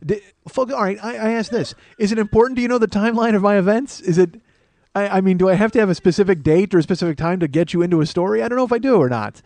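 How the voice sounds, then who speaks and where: Rambling, animated man doing comedy. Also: high-pitched, dry recording. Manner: rambling, self-mocking, swings between loud outbursts and mumbled asides. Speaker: podcast host. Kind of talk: solo comedy podcast monologue.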